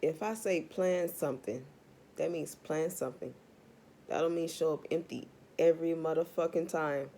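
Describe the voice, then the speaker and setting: A woman's voice: low voice, normal speed, warm tone. Blunt, profane woman tarot reader. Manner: talks straight to viewers. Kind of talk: casual tarot reading vlog.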